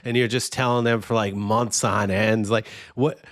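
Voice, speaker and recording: A man hosting a podcast interview, asking relaxed, casual questions full of filler words. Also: lowish voice, normal speed, dry recording, studio quality. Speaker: podcast host.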